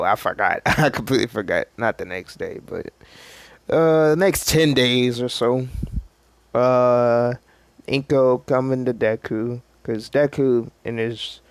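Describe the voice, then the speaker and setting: A man's voice: mid-range voice, clean tone, no echo. A man casually narrating an improvised fan story, rambling and self-deprecating.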